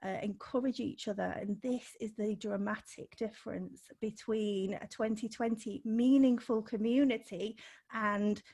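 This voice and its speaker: A woman's voice: medium pitch, fairly even intonation, a little slow, warm tone. A woman business coach, a guest on a podcast interview, talking unscripted in an upbeat way, laughing between points and stressing key words.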